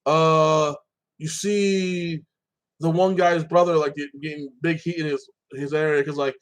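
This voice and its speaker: Male reviewer, higher-pitched voice, rambling casual recap, heavy on fillers. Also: fairly even intonation, measured pace. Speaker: TV and anime reviewer.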